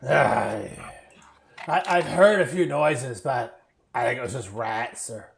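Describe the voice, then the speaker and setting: Guy putting on a stuttery low goblin guard, scarred and wary, slow. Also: animated, creaky, slight background noise. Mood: stammering. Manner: stammering, halting.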